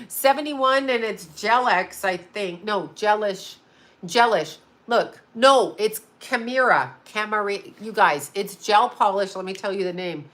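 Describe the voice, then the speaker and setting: Bright, blunt woman in her fifties. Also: medium pitch, a little slow. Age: 50s. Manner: blunt and profane, laughing often. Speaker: psychic medium and astrologer. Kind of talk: casual livestream chat.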